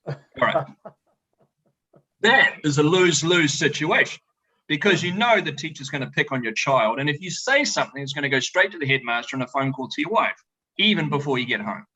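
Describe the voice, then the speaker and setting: A middle-aged man, a winemaker, telling animated, joking stories to a tasting audience over a video call. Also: fairly high pitch, a little fast, slightly rough, rough recording. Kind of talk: storytelling talk to a tasting audience. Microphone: video call presentation.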